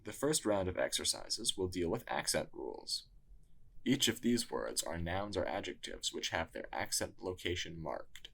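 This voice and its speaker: Man, deep voice, husky, measured scripted tutorial narration. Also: big pitch swings, fairly bright tone.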